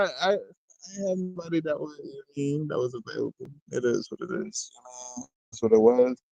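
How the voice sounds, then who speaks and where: A man's voice: mid-range voice, lively intonation, brisk, creaky, darkish tone, dry recording, poor audio. Man rambling battle rap host, dry sound. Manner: loose and rambling, constantly asking "you know what I mean"; laughs between remarks, jokes with chat. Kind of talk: casual commentary.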